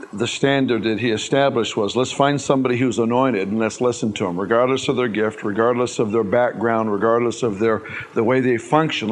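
Male pastor, mid pitch, plain storytelling, faint ambience. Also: slight background noise. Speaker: pastor of the church. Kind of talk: address to the congregation.

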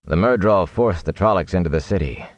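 A man's voice: low voice, brisk, dry recording, close to an everyday voice. A man reading an audiobook, voicing a grim male warrior who reports in a clipped, matter-of-fact way.

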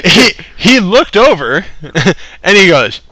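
A man's voice: sits high, big pitch swings, takes it slowly, pushed and bright, poor audio. A man telling a story in casual chat, swearing freely and laughing often between phrases.

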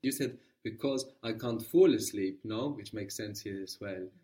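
Man, language teacher, patient, prompting questions, lowish voice, slightly distant mic. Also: a little slow, dark tone. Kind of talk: guided language lesson.

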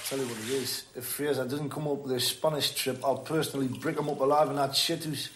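An actor playing a blunt, crude builder in a television drama. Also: male voice, medium pitch, steady tone, fairly quick, fairly bright tone, slight background noise, natural voice. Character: loud crude Geordie builder, man, adult. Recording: roomy TV audio.

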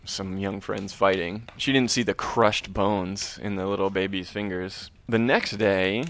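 A man co-hosting a podcast, casually retelling a horror episode with lively, acted-out quotes. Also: deep voice, a little slow. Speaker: podcast co-host. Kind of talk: casual recap chat.

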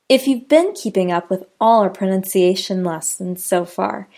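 A woman with an American accent teaching a scripted pronunciation lesson, enunciating example sentences slowly and carefully. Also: medium pitch, dark tone.

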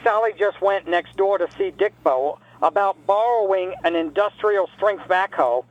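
A man's voice: high voice, normal speed, muffled recording, natural voice. A man playing a cranky retired Jersey caller. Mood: grumbling. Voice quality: complaining, sarcastic, insulting. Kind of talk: comedic call-in rant.

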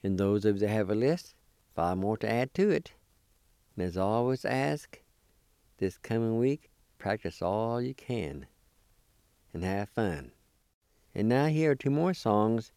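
A man's voice: on the low side, expressive, a little slow, pauses often, warm tone, smooth, no room sound, studio quality. A man teaching a language on the radio, patiently spelling words letter by letter and repeating each syllable. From Oklahoma, United States. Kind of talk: slow language lesson, spelling and pronouncing words.

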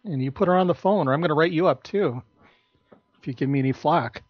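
A man's voice: fairly high pitch, fast, no echo. Guy playing stern fake manager on prank calls, dry dull lo-fi sound. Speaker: prank caller. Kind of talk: prank phone call banter.

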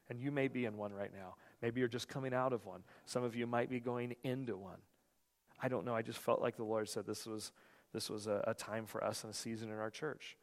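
A male pastor delivers a sermon in a middle-pitched voice, storytelling with lively energy and plenty of restarts. His words ring out with a long reverb, as in a large church sanctuary. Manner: animated storytelling with frequent restarts.

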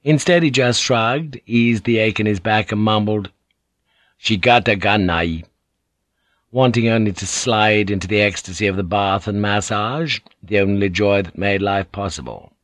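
A man narrating an audiobook in a measured, even storytelling manner. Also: lowish voice, no echo.

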